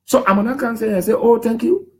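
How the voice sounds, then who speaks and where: A Liberian man in his thirties with a high, bright-pitched voice tells his stories with lively emphasis. His pitch swings up and down as he acts out what others said, and his Liberian English accent is strong throughout. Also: fast talker. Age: 30s. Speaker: human rights defender speaking to the public. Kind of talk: animated storytelling talk.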